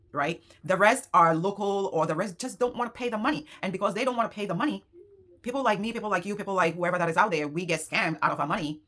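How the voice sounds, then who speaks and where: Low-voiced woman telling an emotional story. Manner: emotional, animated retelling with quoted dialogue. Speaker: small business owner and market vendor. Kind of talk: casual storytelling vlog.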